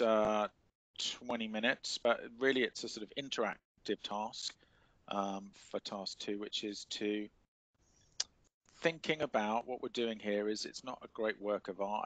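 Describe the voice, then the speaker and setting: A man's voice: fairly low pitch, fairly bright tone, no echo. A man with an English accent teaching a literature class, explaining in a hesitant way with many fillers. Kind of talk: classroom lecture and discussion.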